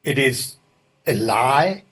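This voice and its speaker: A man's voice: medium pitch, lively intonation, a bit bright, husky. An older man, answering questions in an interview in an indignant, emphatic way. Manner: indignant, emphatic, deliberate pauses. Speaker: interview guest. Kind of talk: political interview.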